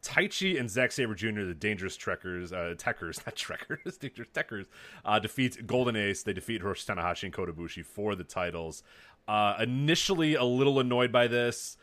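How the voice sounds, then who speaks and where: A man's voice: lowish voice, brisk. A man co-hosting a casual podcast, telling stories with lots of laughs and acted-out reactions. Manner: animated storytelling, laughs often, acts out his reactions. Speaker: podcast co-host. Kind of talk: casual wrestling podcast chat.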